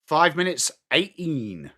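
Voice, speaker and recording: English man, fan match commentary, chatty and excitable, bright forceful voice, slightly high. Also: slow pace. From England. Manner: chatty, excitable, breaks into shouts at big plays. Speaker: host of a fan watchalong.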